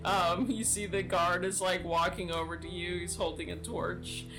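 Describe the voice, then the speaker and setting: A woman runs a tabletop game in a relaxed, unhurried voice, dotted with ums and likes. Music plays softly under her narration. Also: lowish voice. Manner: relaxed, with many fillers and laughs. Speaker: game master.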